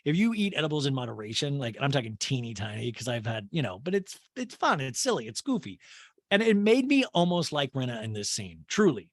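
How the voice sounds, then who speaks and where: Man from Kansas, podcast host, comedic recap, gossipy, crude, lively pitch, dry close sound. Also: a little fast, no room sound. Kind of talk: comedic reality show recap.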